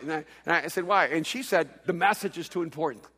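A man preaching a sermon, telling a story with playful humor and quick stammered restarts. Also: high-pitched, sharp tone. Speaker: pastor. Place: large hall with long reverb. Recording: echoey hall reverb.

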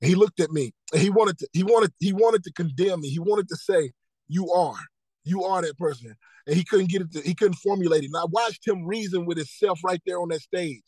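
Man, 30s, high voice, earnest testimony with acted-out quotes, dry close sound. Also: quick pace, few pauses, a little mellow, husky, dry recording, rough recording. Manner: earnest storytelling, repeats key phrases, acts out dialogue. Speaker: podcast guest, motivational speaker. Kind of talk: personal testimony in casual interview.

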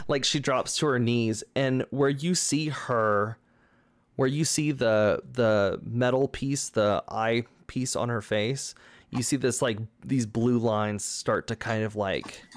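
A man's voice: mid-range voice, dry recording. A man narrating as a tabletop game master, rambling with many likes and ums.

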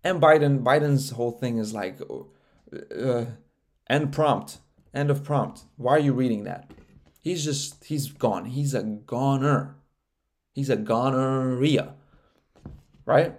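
A man's voice: medium pitch, darkish tone. Young man, podcast host, casual rant, crude jokes, mocking impressions. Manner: profane, joking, slips into mocking impressions.

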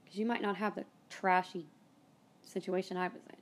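A woman's voice: lowish voice, level tone, normal speed. A woman hosts her own podcast and tells a personal story in a loose, casual way, sometimes swearing. She gets emotional and close to tears, and her voice sinks to a whisper in the tender parts. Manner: emotional, near tears, whispering at soft moments. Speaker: podcast host.

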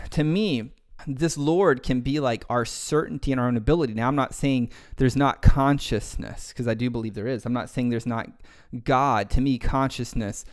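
A man hosting a podcast who retells a Bible story casually, with lots of slang and fillers. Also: mid-range voice. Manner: slangy, uses "like" and "dude" a lot. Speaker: podcast host and pastor.

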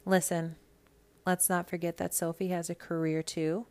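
A woman from Minnesota hosts her gossip podcast in a low voice with plenty of vocal fry. She is blunt and sassy and swears freely. Her talk runs as a loose, casual monologue. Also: little pitch movement, normal speed, darkish tone. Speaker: podcast host.

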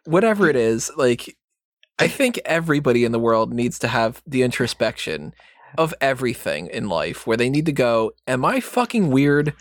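A man's voice: mid-range voice, sing-song, moderate pace, no echo, studio quality. A man in a casual wrestling chat, speaking bluntly and profanely in long rambling thoughts.

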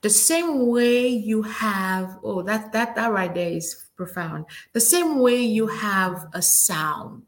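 A woman host speaks reflectively in a middle-range voice, affirming her guest and sharing her own memories. Her delivery softens now and then to an almost whispered hush. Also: mid-range voice, expressive, slow pace, hardly any pauses. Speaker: talk show host. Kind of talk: casual chat.

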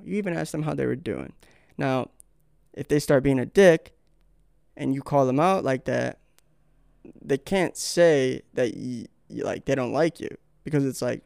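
Gravelly young man ranting on his podcast. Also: mid-range voice, moderate pace, a little mellow, no echo, studio quality. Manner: rambling, profane storytelling with acted-out quotes. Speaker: podcast host. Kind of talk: casual solo podcast monologue.

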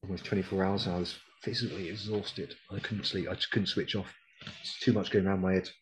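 A middle-aged British man with a low voice and fairly even intonation talks fast over a background crowd, on a low-quality recording. He's a decorated RAF Regiment veteran appearing as a podcast guest, telling his story bluntly in a casual interview, swearing plenty and quoting others along the way.

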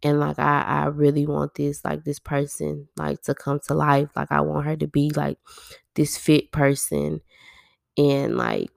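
A woman's voice: deep voice, flat delivery, a little slow, vocal fry, no room sound, clean studio sound. A woman, musing candidly and at length in a personal monologue, packed with "like". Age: 20s. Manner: rambling, heavy use of "like", candid and self-reflective. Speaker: podcast host.

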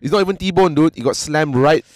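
A man's voice: on the high side, brisk. Malaysian man telling stories. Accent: Malaysian English. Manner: animated storytelling, lots of laughing. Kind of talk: casual podcast chat.

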